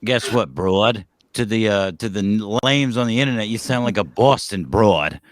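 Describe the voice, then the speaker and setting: A man's voice: lowish voice, moderate pace, no echo, studio quality. A man co-hosting a podcast, joking around with lots of swearing and mock indignation. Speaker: podcast co-host. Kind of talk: casual podcast banter.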